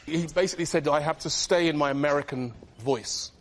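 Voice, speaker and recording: Guest guy on a panel show, kinda high, stammery and defensive. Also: fairly quick. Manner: defensive, hesitant under questioning. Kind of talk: telling a story on a panel show.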